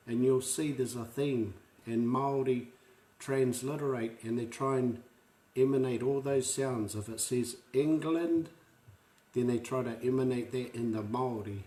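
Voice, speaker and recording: A man's voice: mid-range voice, warm tone, roomy sound. A man with a New Zealand accent teaching pronunciation in an online lesson, patiently repeating each word for learners to say after him. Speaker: language teacher.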